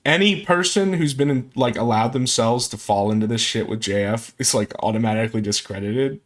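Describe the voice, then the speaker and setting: A man's voice: medium pitch, fairly quick. A man giving casual, sarcastic reaction commentary on a video, breaking in with incredulous asides.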